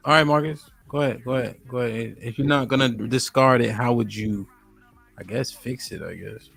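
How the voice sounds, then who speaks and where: A man hosting a podcast, calmly stepping in to moderate the argument. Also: medium pitch, normal speed, gravelly, faint music behind. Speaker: podcast host. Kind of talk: casual podcast talk.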